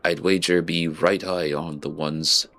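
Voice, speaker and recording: A man voicing a gruff female sea captain in a rough pirate-style brogue, reading game dialogue aloud. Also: a bass voice, steady tone, normal speed, a bit bright, soft background music. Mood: grim.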